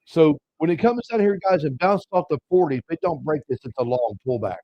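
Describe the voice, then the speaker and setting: A man's voice: a little high, expressive, brisk, no echo, muffled recording. A man hosting a live trading show, casually talking viewers through chart levels. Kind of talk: live market commentary.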